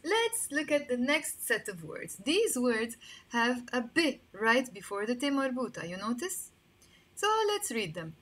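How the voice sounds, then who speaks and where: Lebanese woman teaching, slightly high voice. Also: very animated, unhurried, fairly bright tone. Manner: explains patiently, repeats words for practice. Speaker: language teacher. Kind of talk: casual online language lesson.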